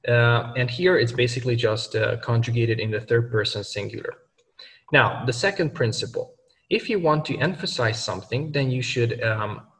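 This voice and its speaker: A man giving a video language lesson, explaining grammar rules step by step with example sentences. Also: medium pitch. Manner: methodical, explains with worked examples. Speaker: language teacher. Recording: distant mic in a reverberant room.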